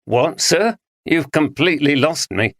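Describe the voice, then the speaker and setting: A man's voice: fairly high pitch, lively intonation, unhurried, fairly bright tone, no echo, studio quality, pitched above the performer's own voice, exaggerated voice. A man doing a puzzled young sergeant. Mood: confused. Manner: deferential, confused. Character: young sleepy male detective sergeant, puzzled.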